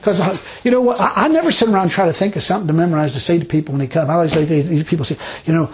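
A man's voice: fairly high pitch, very fast, slight background noise, poor audio. A man preaching an informal sermon, telling personal stories in a folksy, rambling way. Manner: folksy, rambling, animated storytelling with laughs.

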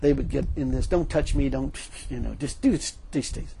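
A man's voice: mid-range voice, moderate pace, gravelly, mellow, slight background noise. A middle-aged man preaching a sermon, telling folksy stories with emphatic lines and frequent laughter. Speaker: pastor.

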